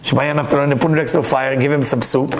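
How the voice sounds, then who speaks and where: A man teaching a Kabbalah class, reading Hebrew texts aloud and explaining them with lively stories. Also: medium pitch, very fast, a little hiss or hum. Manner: animated, reads Hebrew text aloud and explains it. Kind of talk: lecture with storytelling. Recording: echoey room.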